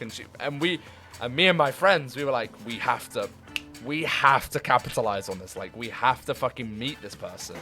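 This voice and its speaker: A man's voice: mid-range voice, a bit bright. A young man in his twenties chatting casually on a gaming stream, rambling, swearing and laughing as he talks.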